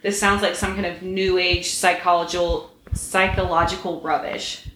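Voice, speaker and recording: A woman voicing a sullen, proud young wizard man, reading gruff and grumbling lines in a roomy room. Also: lowish voice, little pitch movement, normal speed, a bit bright, a little hiss or hum, lightly acted.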